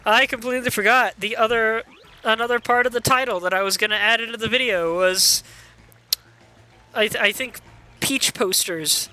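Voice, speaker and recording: A man's voice: high-pitched, normal speed, sharp tone, soft background music. A man casually commenting on a game playthrough live, wry and chatty, reading viewer messages aloud. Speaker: gaming streamer.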